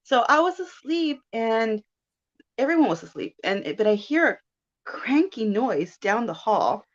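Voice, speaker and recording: A woman's voice: on the high side, unhurried, muffled recording. Chatty woman telling a strange story. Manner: chatty and animated, with laughs and self-quotes. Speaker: guest. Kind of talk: casual storytelling chat.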